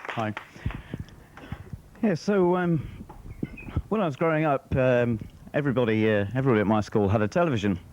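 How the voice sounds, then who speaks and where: A man doing a stand-up comedy routine, rambling and deadpan, slipping into acted-out voices. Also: mid-range voice, normal speed, long pauses. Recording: muffled, slightly noisy 1990s TV broadcast. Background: audience laughter.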